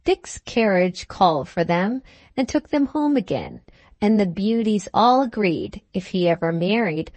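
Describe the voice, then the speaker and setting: A woman narrating a classic short story in a measured, expressive way. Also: medium pitch, no echo. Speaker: audiobook narrator.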